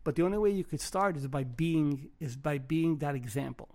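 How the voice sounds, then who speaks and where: A man hosting a casual podcast, voice sitting a touch higher than most men's. He talks in an earnest, reflective way, circling back and restarting phrases as he thinks aloud. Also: normal speed, darkish tone. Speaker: podcast host and author. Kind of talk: casual conversational podcast chat.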